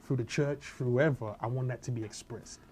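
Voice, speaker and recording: A man's voice: medium pitch, brisk, husky. A man, a comedian, talking casually in an interview and acting out quotes as he tells stories. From Nigeria and Britain. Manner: animated storyteller, acts out quotes. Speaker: comedian guest.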